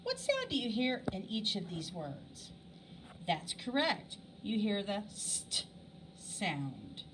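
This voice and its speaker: A woman leads a phonics lesson for young children at an unhurried pace, drawing out each word so it can be heard clearly. Her pitch rises and falls in a lively, sing-song way as she questions her listeners. She sounds a little distant from the microphone, with faint background noise. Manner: exaggerated word pronunciation, patient questions to young students. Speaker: elementary school teacher.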